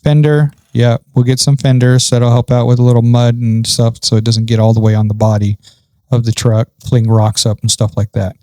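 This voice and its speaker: A man's voice: mid-range voice, flat delivery, normal speed, dark tone, no echo. A man talking casually through a farming game setup, thinking aloud with frequent ums. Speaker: gaming channel host. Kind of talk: casual gameplay commentary.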